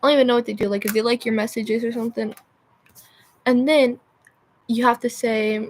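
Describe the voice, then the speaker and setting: A woman's voice: fairly high pitch, steady tone, a little fast, pauses often. A young woman chatting on a livestream, rambling and losing her train of thought with constant filler words. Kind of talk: rambling live-stream chat.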